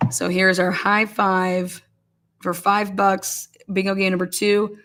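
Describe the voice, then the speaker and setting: A woman's voice: medium pitch, little pitch movement, slow pace, fairly bright tone, a little hiss or hum. A woman hosting a casual livestream, calling bingo games and reading viewer comments aloud with frequent laughter. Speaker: livestream host.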